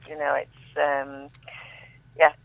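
A woman reading her own poetry aloud as a guest, in a solemn, measured recital. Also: a bass voice, monotone, gravelly, no room sound. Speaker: guest poet. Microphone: telephone. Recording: tinny phone line, dry.

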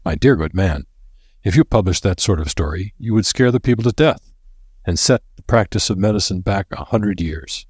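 Imagine a man reading a pompous, condescending senior physician in a storybook, his deep voice turning haughty and dismissive. The tone has a husky grain and sits dry and close, with no room around it. He talks down to his listener. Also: animated, moderate pace, no room sound.

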